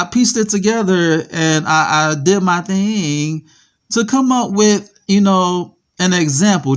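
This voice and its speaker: A man hosting his own podcast, talking casually in a streetwise way and often checking in with his listener. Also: on the high side. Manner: streetwise, repeats "you feel me". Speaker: podcast host. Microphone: voice message pieced into a podcast.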